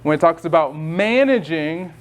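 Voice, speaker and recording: A man's voice: fairly high pitch, animated, moderate pace. A man leading a self-care session, talking through emotions in a casual, conversational way, full of fillers and restarts. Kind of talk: casual teaching talk.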